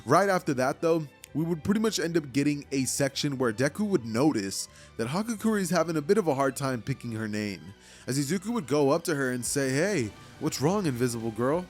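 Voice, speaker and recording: A man's voice: on the high side, expressive, brisk. Rambling male storyteller over faint music. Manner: rambling, lots of "like" and "you know". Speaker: fan storyteller. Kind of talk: casual storytelling.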